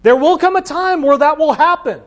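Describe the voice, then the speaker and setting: A man with a high voice preaches a sermon. He keeps it conversational and asks his listeners questions as he goes. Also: normal speed. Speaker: pastor.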